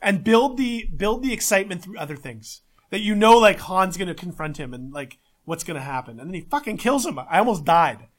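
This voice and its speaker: A man co-hosting a casual podcast, talking in an excitable, emphatic way and swearing often. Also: sits high, brisk. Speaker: podcast co-host.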